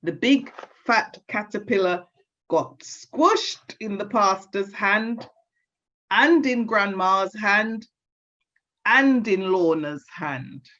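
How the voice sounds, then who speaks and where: Lively woman telling a folk tale. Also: mid-range voice. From Caribbean. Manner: expressive, drawn-out storytelling. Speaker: storyteller. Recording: dull lo-fi recording.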